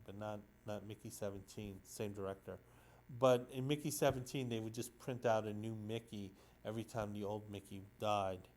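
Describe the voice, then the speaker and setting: A man's voice: mid-range voice, darkish tone. A man casually recapping a comic book issue on his own, talking in a rambling, hesitant way with many ums and restarts. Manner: sentimental about the story.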